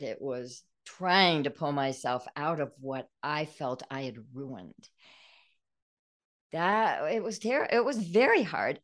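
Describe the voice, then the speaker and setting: Low-voiced older woman telling her story. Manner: earnest, emotional storytelling. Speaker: guest author. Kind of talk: podcast interview.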